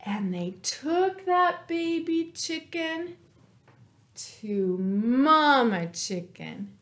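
A woman librarian reading a children's story aloud, expressive and playful, asking the children questions and dropping to whispers. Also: high voice. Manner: animated, slow and expressive, asks the children questions, drops to whispers.

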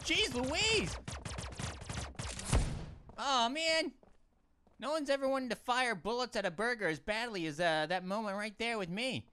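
A man's voice: sits high, normal speed, pushed and bright, slight background noise. A man hosting a gaming channel, giving goofy let's-play commentary full of puns and talking to the characters on screen. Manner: punning, jokey, talks to game characters. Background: game music.

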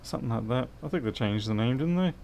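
A man's voice: medium pitch, animated, fast, gravelly, a little mellow, a little hiss or hum. A middle-aged man, chatting casually and thinking aloud while he works through a repair on a livestream. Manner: rambling, thinks aloud, answers chat.

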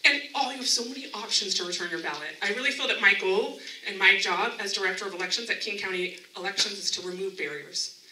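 A woman's voice: medium pitch, fast, sharp tone, slight background noise. A woman, a county elections director, giving an upbeat presentation at a community town hall meeting and chatting with the audience. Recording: echoey room, mic from a distance.

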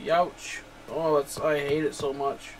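A young man giving let's-play commentary, excitable and swearing a lot, chatting to the creatures on screen and yelling at surprises. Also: fairly high pitch, takes it slowly, slight background noise. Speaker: game streamer.

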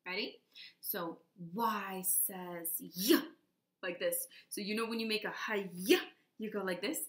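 A woman teaching young children letter sounds, slow and encouraging, demonstrating each sound. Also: mid-range voice, steady tone, a bit bright, echoey room. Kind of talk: children's phonics lesson.

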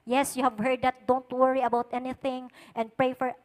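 High-voiced Filipino woman preaching in a hall. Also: flat delivery, moderate pace. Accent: Cebuano Filipino. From Philippines. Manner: swings between hushed and loudly emphatic; mixes English with Cebuano. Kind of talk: sermon. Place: church service at a youth event. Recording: long reverb of a church hall.

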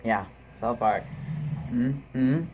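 Slow-talking casual male vlogger. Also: medium pitch, a little mellow, a little hiss or hum. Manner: unhurried, rambling, offhand. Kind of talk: casual impressions vlog.

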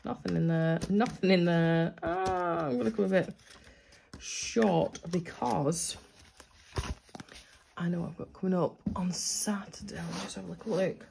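A British budgeting vlogger talks to camera at home at night, chatty and self-deprecating as she thinks out loud. Her voice is lowish, gravelly and somewhat dark in tone, with a measured pace and a little hiss or hum in the background.

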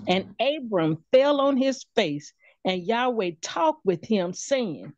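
Deliberate woman reading verses slowly, dry and dull sound. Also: a little high, big pitch swings, darkish tone, no echo. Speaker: scripture reader. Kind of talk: reading scripture aloud.

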